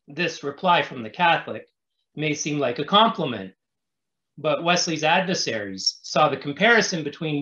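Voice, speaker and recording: A pastor presents an academic paper, reading it aloud in a measured, scholarly manner. His voice sits fairly high for a man. The recording is roomy and dull. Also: sharp tone. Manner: measured, scholarly delivery with occasional restarts. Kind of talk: formal reading of a prepared paper.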